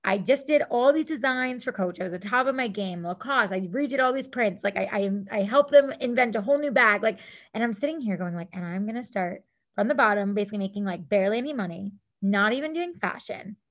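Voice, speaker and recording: A woman in her thirties, a guest on an interview show, telling stories in a lively casual way and acting out what people said. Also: mid-range voice, fast, highs cut off. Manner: animated, acts out quotes, says "like" often. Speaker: guest, celebrity stylist.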